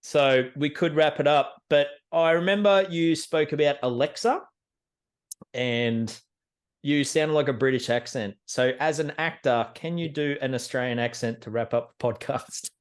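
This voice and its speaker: A man's voice: a little high, normal speed. A man hosting a travel podcast over a video call, easygoing and chuckling as he wraps up. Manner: easygoing, chuckling, plain-spoken. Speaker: podcast host. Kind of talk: casual chat.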